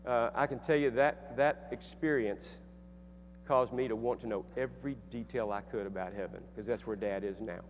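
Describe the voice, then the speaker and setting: Speaking at a normal pace in a medium-pitched voice, this middle-aged author and speaker recounts something from his own life to a crowd. His manner is sincere and chatty, full of fillers and false starts. A faint hum runs under the hall's echo.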